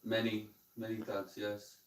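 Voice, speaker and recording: Laid-back low-voiced man, off-mic. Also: completely flat delivery, unhurried, distant mic. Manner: laid-back, hesitant, with fillers. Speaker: guest. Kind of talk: casual chat. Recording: echoey room, off-mic.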